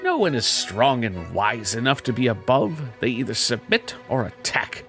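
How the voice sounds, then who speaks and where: A man's voice: medium pitch, sing-song, moderate pace, fairly bright tone, faint music behind. A man hosting a comedy show, reading online reviews aloud and breaking off with sarcastic, mocking asides. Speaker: host.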